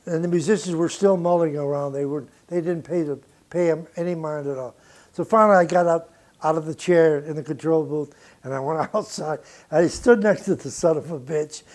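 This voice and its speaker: A man's voice: fairly high pitch, steady tone, fairly quick, darkish tone. An older man, a record producer, recounting studio anecdotes in an interview, blunt and profane and laughing between stories.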